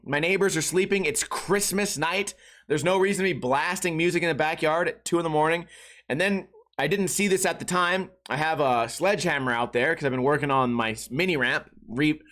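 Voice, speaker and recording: Podcast guy with a kinda high voice, casual storytelling, animated and incredulous. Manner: animated, incredulous, quick restarts. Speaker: podcast host.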